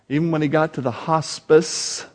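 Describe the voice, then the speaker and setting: An older man preaching a sermon as pastor, telling stories with animated delivery and acting out voices. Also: fairly high pitch, takes it slowly. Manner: animated storytelling, acts out voices; quotes scripture with rising force.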